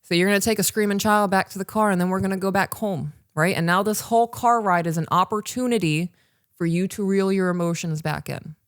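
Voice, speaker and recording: A woman's voice: mid-range voice, brisk, no echo, clean studio sound. A woman in her thirties co-hosting a parenting podcast, talking emphatically and straight to the listener. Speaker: podcast co-host. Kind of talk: casual parenting podcast talk. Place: recorded live for online patrons.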